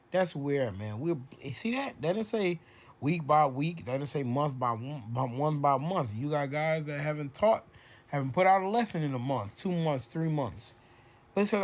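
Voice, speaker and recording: A man giving an informal bible lesson, reading verses slowly and aloud, then explaining them in loose, casual speech full of "right?" and "man.". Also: fairly high pitch, lively intonation. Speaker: bible teacher.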